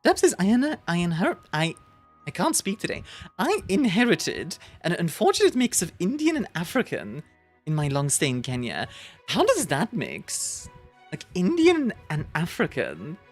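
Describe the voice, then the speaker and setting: Giggly, animated woman streamer. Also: fairly low pitch, normal speed. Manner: giggly, animated, rambling with restarts. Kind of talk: casual chat reading viewer messages. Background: quiet background music.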